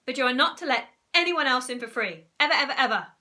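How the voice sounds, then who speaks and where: A woman's voice: high-pitched, animated, fast, bright, forceful tone. A woman voicing a stern, posh older man who owns a zoo, speaking in a pompous, commanding way.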